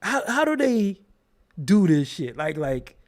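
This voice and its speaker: A man's voice: sits high, big pitch swings, slow pace. A man hosting his own show, ranting live to his chat in a mocking, profane way and laughing often. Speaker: show host. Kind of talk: live-stream rant answering chat.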